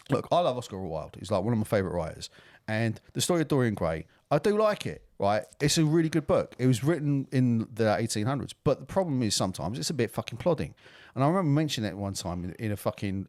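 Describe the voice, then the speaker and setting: A man's voice: fairly low pitch, sing-song, quick pace, darkish tone, dry recording, clean studio sound. A man co-hosting a podcast, ranting and swearing in casual chat. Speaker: podcast co-host.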